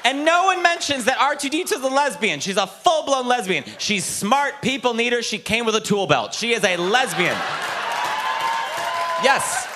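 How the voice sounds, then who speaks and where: A man doing a stand-up comedy set on a club stage, animated and campy with quick jokes. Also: very high voice, a crowd in the background, noisy background.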